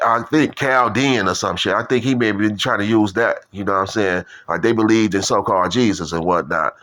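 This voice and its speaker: A man's voice: fairly low pitch, fairly quick, fairly bright tone. Profane rambling man. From Detroit. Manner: profane, repetitive, street slang. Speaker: video commentator. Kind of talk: rambling casual monologue.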